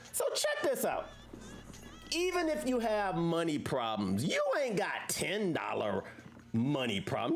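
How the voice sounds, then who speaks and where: A woman hosting a casual livestream, talking to viewers in a preachy way full of rhetorical questions. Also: lowish voice. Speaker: livestream host.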